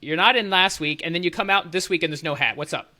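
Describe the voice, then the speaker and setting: Bright-voiced joking podcast host man. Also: high-pitched, fast talker. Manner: jokey, rambling, laughs often. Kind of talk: casual podcast banter.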